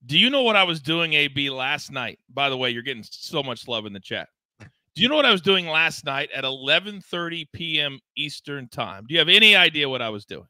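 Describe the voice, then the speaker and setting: High, bright-voiced hyped sports show host. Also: male voice, very animated, brisk, no echo. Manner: hyped, promotional, teasing. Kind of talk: live sports betting show banter.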